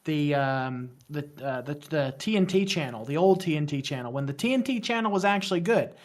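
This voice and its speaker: Lively and fairly quick, this man's high-leaning voice carries a West Virginian accent. In his thirties and from West Virginia, he chats casually as a podcast guest, rambling, poking fun at himself, and frequently restarting.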